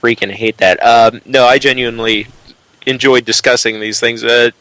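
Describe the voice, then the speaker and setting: A man's voice: medium pitch, fairly even intonation, normal speed, sharp tone, low-quality recording. Jittery, stammering man on a podcast. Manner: rambling, stammering, restarts often. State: jittery from energy drinks. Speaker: podcast co-host. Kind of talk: casual roundtable chat.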